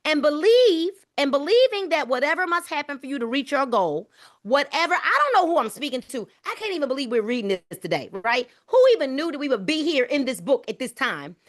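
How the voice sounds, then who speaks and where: Female book club host, fervent preacher-style delivery, high and lively pitch. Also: fairly quick. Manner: fervent, preacher-like, repeating phrases; casual informal speech. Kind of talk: preachy live book-club reading and commentary.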